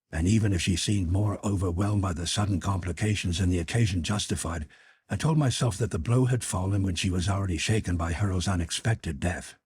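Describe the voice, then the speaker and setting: Very deep, husky male audiobook narrator. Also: darkish tone, no echo, studio quality. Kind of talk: first-person audiobook narration.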